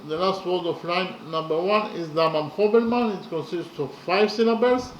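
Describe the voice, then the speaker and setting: A man explaining verse slowly and methodically, counting syllables and letters aloud with many pauses. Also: high-pitched, reverberant, a little hiss or hum, low-quality recording. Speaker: poetry lecturer. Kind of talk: methodical spoken analysis of verse.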